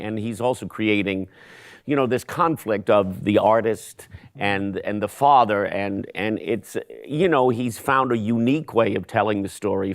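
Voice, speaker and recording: A man being interviewed as a stage actor, chatting casually and wryly, laughing between thoughts and often restarting his sentences. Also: on the low side.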